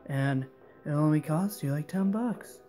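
A man's voice: on the high side, a little slow, warm tone, faint music behind, close to an everyday voice. A man doing a pushy street hustler. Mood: wheedling.

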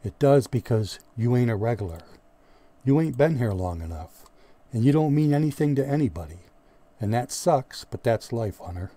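A man voicing a hard-nosed, moody male squad leader in an audiobook, gruff and menacing, with sudden roaring outbursts. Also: medium pitch, lively intonation, normal speed, mellow, close to an everyday voice. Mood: cold. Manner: gruff, menacing, erupts into roars. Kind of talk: audiobook character voice.

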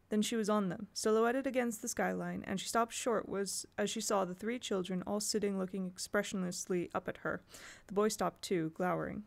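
A woman reading a storybook aloud in a steady, measured way. Her voice has a gravelly grain and sits at an ordinary middle pitch. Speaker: audiobook reader. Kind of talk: storybook narration.

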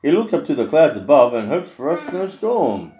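Woman reading a rhyming kids book, bouncy read-aloud, mellow voice, echoey room. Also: low-pitched, big pitch swings, moderate pace. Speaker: parent reading to a child. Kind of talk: bedtime picture-book reading. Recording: roomy home echo.

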